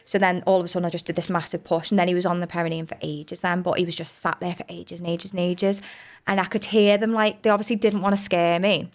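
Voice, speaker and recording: A woman's voice: fairly low pitch, flat delivery, quick pace. A woman, a podcast guest chatting casually and acting out the voices in her birth story.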